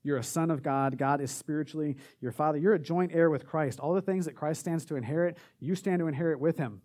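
A man's voice: fairly high pitch, darkish tone. A young man giving an informal sermon to a group, earnest and conversational, with lots of filler words as he builds through a list of affirmations. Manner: earnest and conversational, with many "like" fillers, rising in intensity through lists.

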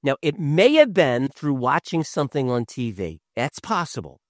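A man, a father in his thirties, preaching a sermon, swinging from loud emphasis to hushed tones. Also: mid-range voice, big pitch swings, moderate pace, no echo, studio quality. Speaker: pastor.

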